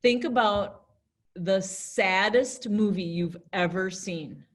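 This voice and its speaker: A middle-aged American woman teaching a class in a lively, chatty way, acting out little scenes as she explains. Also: mid-range voice, slow pace. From United States. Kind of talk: classroom lesson talk.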